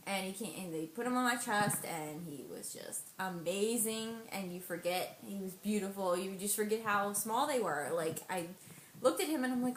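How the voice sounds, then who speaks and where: A young woman telling a personal story in a casual vlog, acting out the dialogue with animated quotes and frequent laughs. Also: medium pitch. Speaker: vlogger. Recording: echoey room, faint noise.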